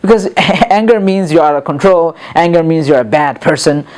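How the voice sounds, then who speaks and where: A middle-aged man teaching a lesson on calming angry people, earnest, repeating words and restarting sentences, with many fillers. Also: fairly high pitch, normal speed. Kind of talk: lecture on calming anger.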